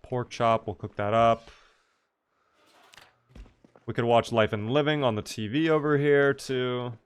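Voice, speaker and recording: A man's voice: mid-range voice, measured pace, smooth. A young man casually chatting through a live gameplay stream, reacting to the game and answering his chat.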